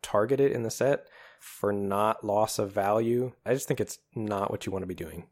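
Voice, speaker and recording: A man co-hosting a podcast in casual chat, talking with enthusiasm and laughing easily. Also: lowish voice. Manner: enthusiastic, animated, quick to laugh. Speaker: podcast co-host. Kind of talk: casual chat about card-game strategy.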